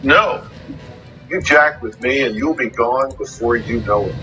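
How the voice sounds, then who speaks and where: A man's voice: medium pitch, measured pace, pushed and bright, faint music behind, rough recording. A man in a heated argument, insulting and taunting, repeating his jabs.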